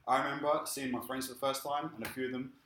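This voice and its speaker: A man preaches, weaving a personal testimony into his sermon. He tells his story in a lively way and acts out the voices of the people in it. His voice is bright, and it rings through a roomy church hall with a faint hiss behind it. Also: mid-range voice, fast talker. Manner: lively storytelling, acting out quoted speech. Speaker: pastor.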